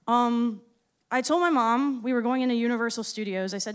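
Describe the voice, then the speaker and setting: A woman in her thirties tells a story live on stage in a high, bright-ringing voice. Her delivery is casual and self-deprecating, peppered with swearing and quick laughs. The tone stays clean and clear throughout. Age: 30s. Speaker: storyteller and musician.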